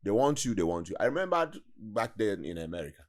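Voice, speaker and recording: A Nigerian man with an Igbo accent, a guest in an interview, telling stories in an animated, casual way. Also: lowish voice, fast talker. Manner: animated storytelling, acts out quoted voices.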